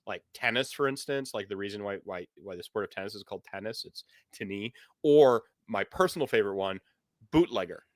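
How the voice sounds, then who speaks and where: A man's voice: fairly low pitch, animated, brisk, dry recording, clean studio sound. A man as game master, chatting in a rambling way with many fillers, then narrating a scene. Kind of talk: casual chat and game narration.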